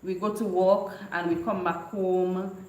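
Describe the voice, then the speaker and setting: Casting: woman vlogger, animated storyteller, laughs a lot, roomy echo. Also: fairly low pitch, measured pace. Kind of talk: casual storytelling chat. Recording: echoey room.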